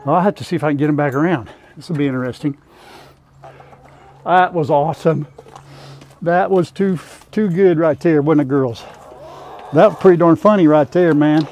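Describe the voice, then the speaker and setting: A man's voice: a little high, moderate pace, pauses often, darkish tone, a little hiss or hum. An older man chatting folksily in a farm vlog, talking to his chickens and viewers outdoors by a pen on a lapel mic. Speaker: farm vlogger. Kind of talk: casual farm vlog talk.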